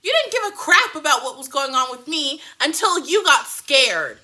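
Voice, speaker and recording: A woman reviews a TV show in a casual, rambling rant that is full of cursing. Her high, bright voice swoops up and down in a lively way. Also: moderate pace. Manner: animated, profane, rambling rants.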